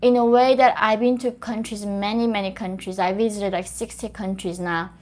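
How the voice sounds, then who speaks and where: A woman's voice: mid-range voice, steady tone, moderate pace, darkish tone. A young woman from North Korea, a native Korean speaker, talking earnestly to an audience in English and often repeating and restarting phrases. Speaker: host.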